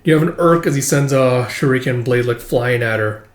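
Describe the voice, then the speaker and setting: A man's voice: mid-range voice, normal speed. A man casually recapping a manga chapter, rambling and swearing, with lots of fillers. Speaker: manga reader and commentator. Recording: roomy echo.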